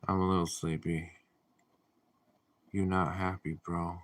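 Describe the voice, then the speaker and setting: A man hosting a casual livestream, reading viewer comments aloud and answering them in a deadpan, drowsy way. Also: low-pitched, a little slow, long pauses. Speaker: livestream host.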